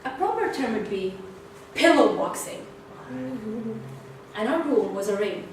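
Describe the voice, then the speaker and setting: Young woman, high voice, slow playful storytelling, echoey room mic far off, noisy. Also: expressive. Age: young adult. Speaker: club speaker. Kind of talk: prepared speech to a club audience. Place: meeting room. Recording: echoey room, distant mic, background noise.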